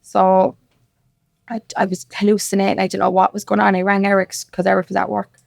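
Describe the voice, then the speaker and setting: Fast-talking Cork woman, gravelly voice. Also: medium pitch, monotone, darkish tone, no echo, clean studio sound. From Ireland. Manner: rapid, with quoted dialogue. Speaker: guest. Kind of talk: casual storytelling. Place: podcast studio.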